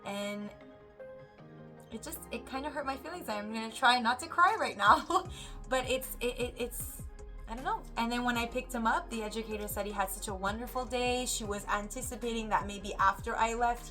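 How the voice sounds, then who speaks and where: A woman's voice: fairly high pitch, moderate pace, soft background music. A woman, a mother, casually telling a story to camera and animatedly acting out what others said. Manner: animated, acts out quoted voices. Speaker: mother vlogger.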